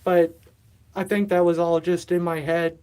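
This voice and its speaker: A man in his thirties, slightly out of breath, rambles through a casual livestream chat. He fills his talk with asides and self-deprecating remarks. He talks from a warm, humid indoor room. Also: on the high side, level tone, unhurried, smooth. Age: 30s. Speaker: livestream host. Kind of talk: casual live-stream chat.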